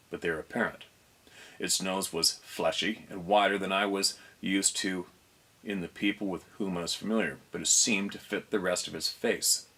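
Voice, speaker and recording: Deep-voiced man reading a story. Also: a bit bright, husky. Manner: unhurried, pauses to reread and fix slips. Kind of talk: reading aloud a first-person story.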